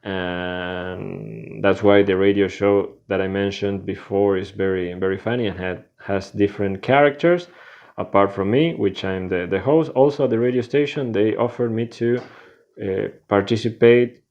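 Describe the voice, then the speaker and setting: A man, a radio host talking about himself in a casual vlog, halting and restarting as he searches for words. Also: on the low side, fairly even intonation, vocal fry, darkish tone, dull audio. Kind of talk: casual self-introduction vlog.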